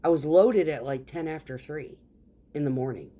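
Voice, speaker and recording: A woman's voice: sits low, moderate pace, dark tone. A woman telling a work story as a casual rant, blunt and full of swearing, acting out the lines of the people she deals with. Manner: acts out others' lines in quoted dialogue. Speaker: concrete truck driver.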